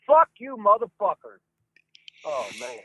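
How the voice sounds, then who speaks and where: This older man's voice is high-pitched, bright, and forceful, with huge pitch swings and an unhurried pace, heard through a dry phone line. A wrestling trainer giving a profane storytelling interview, he rants in a gruff Southern drawl and curses constantly.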